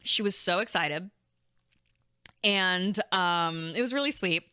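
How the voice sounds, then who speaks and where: A woman's voice: fairly low pitch, takes it slowly, bright, forceful tone, clear, resonant tone, no room sound, studio quality. A young woman co-hosting a podcast, telling a story casually and rambling, full of "like" and restarts. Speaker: podcast co-host.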